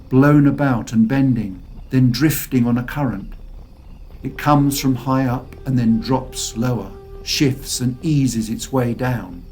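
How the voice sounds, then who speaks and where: A man narrating a fantasy audiobook in a slow, expressive storytelling voice. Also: mid-range voice.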